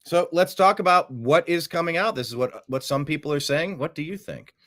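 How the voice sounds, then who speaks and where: A man's voice: fairly high pitch, brisk, fairly bright tone. A man hosting a political commentary show, talking emphatically and sarcastically, often repeating words for effect. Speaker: host.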